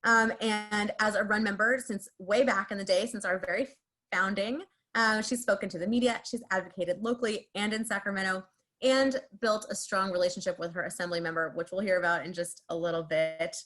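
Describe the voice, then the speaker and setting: A woman's voice: mid-range voice, fairly even intonation, fairly quick, a bit bright. Woman moderator introducing a guest. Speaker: panel moderator.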